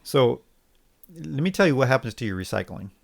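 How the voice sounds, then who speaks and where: Gravelly-voiced man, sarcastic co-host. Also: medium pitch, big pitch swings. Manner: sarcastic, halting with restarts. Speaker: podcast co-host. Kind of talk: casual opinion chat.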